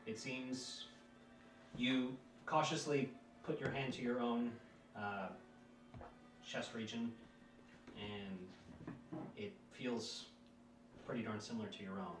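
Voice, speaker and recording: A man runs a tabletop game as game master, narrating in a relaxed, mid-pitched voice full of ums and uhs. He sounds a little away from the mic in a roomy space, with faint music under him. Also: slow, pauses often, recorded from a distance.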